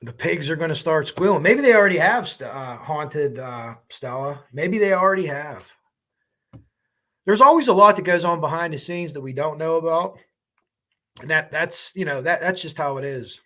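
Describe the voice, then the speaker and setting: Hosting a true crime livestream, a man reads through viewer comments and responds on the fly in a rambling, chatty way. He sounds animated, with a fairly bright, higher-than-average voice and a moderate pace.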